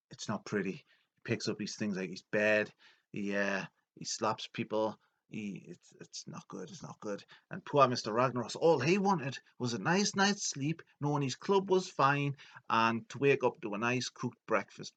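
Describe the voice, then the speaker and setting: A man retelling video game lore as a comedy, rambling and deadpan with many fillers. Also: lowish voice.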